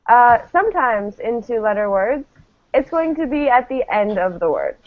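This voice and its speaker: Her voice slightly high and sing-song at a moderate pace, a woman teaches a class English pronunciation, patiently saying each word for students to echo. The recording is tinny and phone-like.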